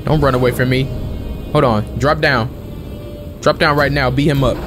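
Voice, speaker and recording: A young man giving casual let's-play commentary as a gaming channel host, chatting and questioning the game out loud. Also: medium pitch, steady tone, moderate pace, over music. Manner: chatty, questions the game aloud, calls everyone bro.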